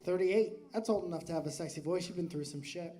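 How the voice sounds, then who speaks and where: A man's voice: sits high, quick pace, dark tone. A man doing stand-up comedy crowd work on a live stage, joking loosely, swearing and laughing often. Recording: noisy live club recording.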